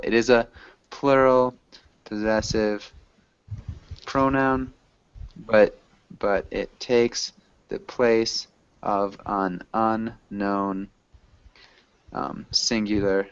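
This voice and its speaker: A man with a fairly low, clean voice teaches an English class, explaining things patiently in a loose, chatty manner with plenty of ums. The recording is dry and sounds dull and lo-fi.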